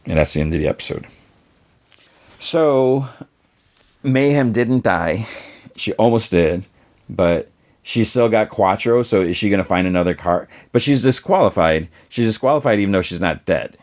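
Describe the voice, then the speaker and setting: Deep-voiced man rambling through a recap. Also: lively intonation, normal speed, darkish tone. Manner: rambling, many fillers and restarts. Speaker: podcast host. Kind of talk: casual episode recap.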